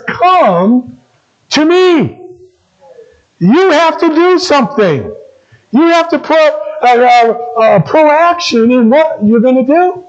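A man's voice: extremely high pitch, a little mellow, lo-fi sound. A man preaching a sermon as a pastor, asking the congregation questions and repeating his key phrases.

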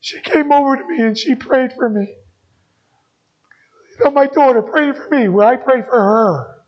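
A middle-aged man preaches to his congregation in an earnest, high-pitched voice. He repeats key phrases and moves between emphatic lines and soft ones. The recording is dull and lo-fi. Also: expressive, normal speed. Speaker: pastor. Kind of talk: sermon.

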